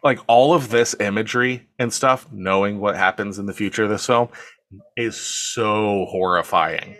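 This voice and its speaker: Podcast host, male, lower register, dead-dry sound, chatty storyteller who acts out the lines. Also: moderate pace, fairly bright tone, no room sound. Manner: storytelling, acts out quotes, swears casually. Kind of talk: casual chat retelling a film scene by scene.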